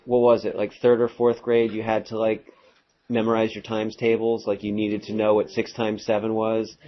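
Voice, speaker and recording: A male math teacher giving a casual classroom lecture, rambling a little with fillers and quick asides to his students. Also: fairly low pitch, completely flat delivery. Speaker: high school math teacher. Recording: dull lo-fi classroom recording.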